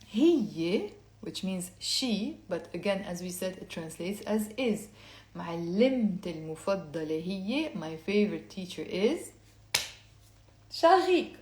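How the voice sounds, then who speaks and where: A woman teaching a language lesson, explaining step by step and repeating words slowly for learners to say along. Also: mid-range voice, a little mellow, echoey room. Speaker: Lebanese Arabic teacher.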